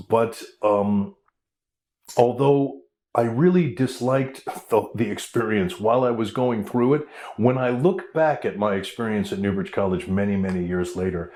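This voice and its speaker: Middle-aged american guy, lowish voice, rambling animated stories w lots of ums, echoey room. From United States. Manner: animated storyteller with frequent fillers and restarts. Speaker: guest actor. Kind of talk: anecdotal storytelling interview. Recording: roomy echo.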